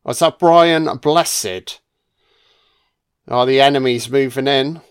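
A man's voice: medium pitch, slow pace, clear, resonant tone. A man giving casual, sardonic film commentary full of swearing and jokey asides.

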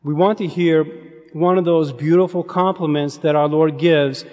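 A man preaching a sermon in an earnest, measured way, dropping his voice to a hush on key phrases. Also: fairly high pitch, fairly even intonation. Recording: long hall reverb.

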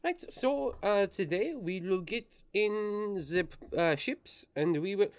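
Man doing a chirpy pilot-teacher voice, raised pitch, hammy half-French half-German accent, stiff formal phrasing. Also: lively intonation, clear, resonant tone, dry recording, exaggerated voice. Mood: cheery. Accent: exaggerated, wobbly comic French-German accent. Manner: halting, many "uh"s, formal phrasing. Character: upbeat, overly cheerful male flight instructor.

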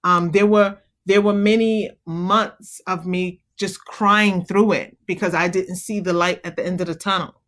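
A woman's voice: lowish voice, a little slow, hardly any pauses. Earnest woman talking about motherhood. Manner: earnest, encouraging, animated when telling stories. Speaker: guest, mother. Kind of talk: conversational interview.

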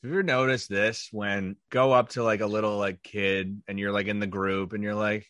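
A man's voice: on the low side, flat delivery, moderate pace, few pauses, fairly bright tone, dry recording, studio quality. A young adult man co-hosting a comedy podcast, making wry observations and asking his co-host questions. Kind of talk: casual comedic chat. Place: New York area.

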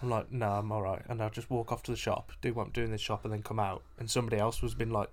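A man's voice: lowish voice, level tone, very fast. Chatty young man reading tweets. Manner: laughs often, loose and chatty. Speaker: podcast co-host. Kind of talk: casual chat, reading tweets aloud.

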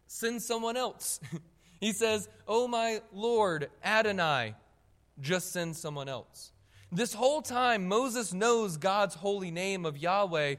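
In a church hall with long, ringing reverb, a man with a high voice preaches with animated emphasis. He calls on the congregation to look and to answer him.

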